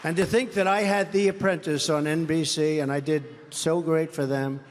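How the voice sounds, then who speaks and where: An older American man with a fairly high speaking pitch delivers a boastful, mocking rally speech full of repeated phrases. His voice rings out with a long reverb through a large indoor arena. Faint crowd ambience sits underneath. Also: fairly even intonation, normal speed, slight background noise.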